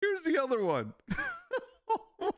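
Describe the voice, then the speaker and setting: A man's voice: very high-pitched, huge pitch swings, measured pace, dry recording, studio quality. A man hosting a casual livestream, laughing often and reacting in disbelief as he reads. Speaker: livestream host.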